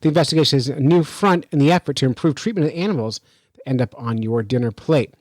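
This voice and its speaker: A man hosting a fishing podcast, telling a story in an animated, chatty way and reading news out with his own remarks. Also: medium pitch, fast, no echo, low-quality recording. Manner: animated, chatty, laughs while telling stories. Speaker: podcast host. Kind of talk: casual storytelling and news commentary.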